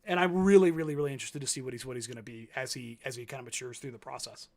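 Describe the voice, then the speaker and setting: A man's voice: mid-range voice, fairly even intonation, very fast, a crowd in the background. A man in his thirties, co-hosting a casual sports talk show, telling stories with many fillers and restarts. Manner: rambling, filler-heavy storytelling. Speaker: co-host.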